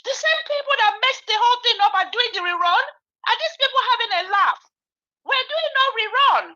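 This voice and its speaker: A woman's voice: extremely high pitch, a little fast, bright, forceful tone. A woman calling in to a talk show, indignant and exasperated. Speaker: caller. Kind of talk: call-in radio comment. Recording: dull lo-fi phone line.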